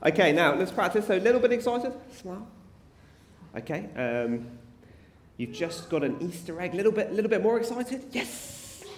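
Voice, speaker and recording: A man leads a playful children's talk in church, coaxing the kids to join in. His voice sits high and swings up and down with energy. The sound is roomy, with a faint hum of the hall behind him. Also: sing-song, moderate pace. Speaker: preacher leading a family service.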